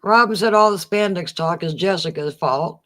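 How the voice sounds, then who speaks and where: A woman's voice: lowish voice, normal speed, a bit bright. A woman co-hosting a live stream, giggling often and reading viewer comments aloud in casual chat. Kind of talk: casual late-night chat.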